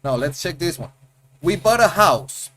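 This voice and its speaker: A man's voice: a little high, very animated, measured pace, a bit bright, slight background noise. A man, teaching a casual lesson and explaining things in a chatty way, often repeating himself and asking rhetorical questions. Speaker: Spanish teacher.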